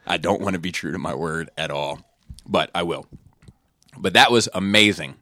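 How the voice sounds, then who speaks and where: A man with a very low voice tells a meandering story in casual podcast chat, stacking fillers and cursing along the way. The sound is close and dry, with no room around it. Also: normal speed, pushed and bright, no echo. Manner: rambling storyteller, swears freely, many fillers. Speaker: podcast host.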